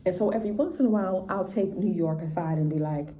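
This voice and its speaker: With a fairly low, dark voice and a quick pace, a woman teacher recounts a classroom story in a relaxed, talkative way, checking in often with "right?" and "you know". There's a roomy echo and faint noise in the background.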